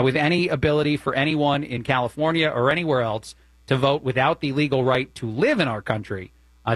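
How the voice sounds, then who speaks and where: A man's voice: mid-range voice, fairly bright tone, no echo. A man with a New Jersey accent, a fill-in radio host giving opinionated, conversational commentary with plenty of fillers.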